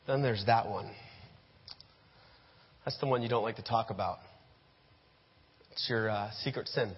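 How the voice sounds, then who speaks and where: A man's voice: fairly low pitch, unhurried, husky. A man giving a sermon, telling stories in the second person and acting out scenes. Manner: addresses listeners as "you", acts out scenes. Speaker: preacher. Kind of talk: sermon storytelling. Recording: dull echoey hall.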